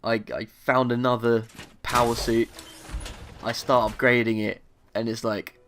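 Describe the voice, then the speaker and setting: A young man, telling a gaming story in an excitable, animated way. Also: mid-range voice, a little slow, slight background noise. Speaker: gaming youtuber. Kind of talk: casual gaming vlog.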